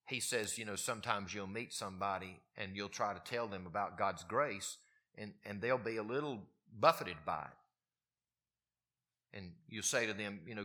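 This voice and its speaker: A man preaching a sermon, his voice moving from quiet, low passages up to emphatic, raised peaks. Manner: wide swings in pitch and loudness, rising to emphatic peaks. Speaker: pastor.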